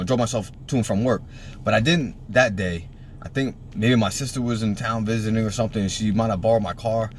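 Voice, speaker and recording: A man's voice: fairly low pitch, slight background noise. A man in his thirties from Puerto Rico, casually telling a story full of swearing and acting out the people in it. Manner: profane, animated, acts out quotes in a raised voice.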